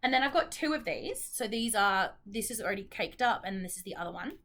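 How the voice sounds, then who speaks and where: A young woman with an Australian accent chats casually, rambling from one thought to the next and apologizing often. Her tone is bright and forward, at a middle pitch. She fills her pauses with plenty of ums. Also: animated. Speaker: knitting vlogger. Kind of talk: casual chat.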